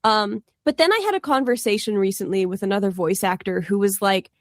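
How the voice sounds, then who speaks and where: A woman's voice: medium pitch, a little fast, no room sound, clean studio sound. A Canadian woman from the Toronto area, co-hosting a podcast in casual chat, talkative and laughing often as she wanders off on tangents. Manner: chatty, laughs often, digressive. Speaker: podcast co-host.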